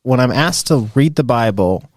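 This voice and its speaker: A man in his thirties hosts a podcast in loose, casual conversation. His voice sits at a middle pitch, and he bounces along with plenty of fillers and frequent laughs. The recording is dry and close. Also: moderate pace, dry recording. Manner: animated, chatty, laughs often, many fillers. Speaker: podcast host. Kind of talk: casual chat.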